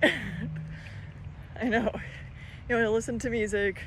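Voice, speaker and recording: A woman with a fairly high voice chats to her pet bird in cooing, sing-song baby talk. She is outdoors in a park with a handheld phone, and a faint hiss of background noise sits behind her. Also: slow, a bit bright. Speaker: vlogger and bird owner. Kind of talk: casual chat to her pet.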